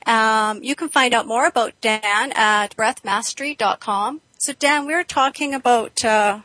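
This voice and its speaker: A woman hosts a radio talk show and welcomes a guest in a friendly way. Her voice is bright and sits a little high. The sound is dry and close. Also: measured pace, no echo. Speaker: radio host.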